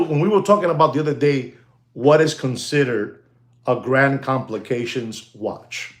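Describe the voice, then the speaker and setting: Guy, hyping watches on a live stream, super animated, keeps dropping words. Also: medium pitch. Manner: animated, mixes Spanish exclamations into English, thanks viewers by name.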